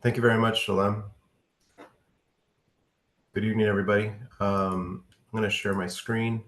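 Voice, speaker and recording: A man with a low voice gives a presentation over a video call and stumbles through fillers as he goes. His voice carries an echo from the room around him. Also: flat delivery, moderate pace, fairly bright tone. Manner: casual, hesitant with many fillers. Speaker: utility company presenter. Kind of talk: online community meeting presentation.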